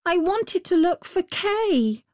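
A woman voicing an eager, anxious little girl in a fairy tale reading, with high, breathless exclamations. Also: sing-song, slow, darkish tone, no echo, studio quality, exaggerated voice.

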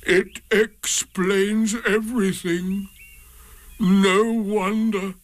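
A man voicing a gloomy old grey male donkey in a storybook reading, drawing out every word in a slow, dragging, sighing way. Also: high voice, level tone, no echo, voice pushed up.

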